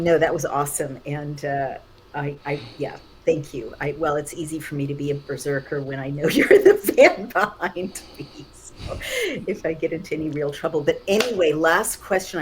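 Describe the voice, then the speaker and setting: A middle-aged woman hosting a casual conversation, animated and quick to laugh. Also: low voice, slight background noise, low-quality recording. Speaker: host.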